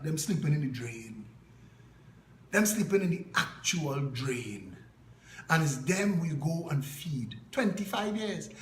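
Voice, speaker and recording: A man's voice: on the high side, reverberant, slight background noise, rough recording. A Trinidadian man giving an impassioned political address, telling stories with punchy repetition. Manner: emphatic storytelling, punchy repetition. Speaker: political party leader.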